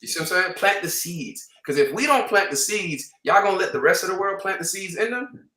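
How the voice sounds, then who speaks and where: A man from Canada talking casually on a trading livestream panel, animated and slangy, repeating points for emphasis. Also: high voice, fairly quick, reverberant, distant mic.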